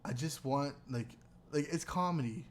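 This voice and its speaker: A medium-pitched man co-hosts a casual podcast, rambling and joking with frequent laughter at a normal pace. He talks into a computer mic with a webcam, and crowd noise can be heard.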